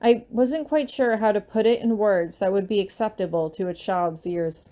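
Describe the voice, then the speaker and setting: A woman reading her fan fiction aloud in a gentle, unhurried storytelling manner. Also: medium pitch.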